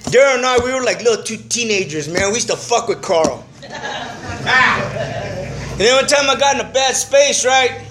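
A man's voice: very high-pitched, animated, normal speed, pauses often, background noise. A middle-aged man sharing his recovery story at a meeting in a profane, streetwise, earnest way. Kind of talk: personal testimony, casual storytelling. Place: meeting room.

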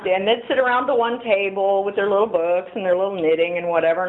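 A middle-aged woman speaking at a recovery meeting, candid and storytelling. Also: medium pitch. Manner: candid, storytelling, acts out quoted voices. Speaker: AA speaker sharing her story. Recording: tinny phone-like audio with faint hiss.

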